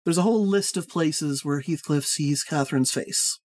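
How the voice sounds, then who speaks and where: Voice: mid-range voice, darkish tone, dry recording. A podcast host running a casual book club pop quiz, teasing and swearing, speeding through explanations. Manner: teasing, profane, quick bursts of explanation.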